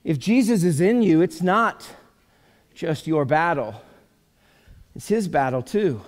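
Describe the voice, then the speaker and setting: A male pastor preaching a sermon in a church, telling the story in an animated, joking way. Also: on the high side, takes it slowly. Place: church sanctuary. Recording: long church hall reverb.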